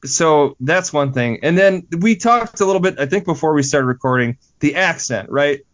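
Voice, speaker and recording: A man's voice: a little high, animated, normal speed, muffled recording. Inquisitive man steering a podcast chat. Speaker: podcast host. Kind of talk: casual chat.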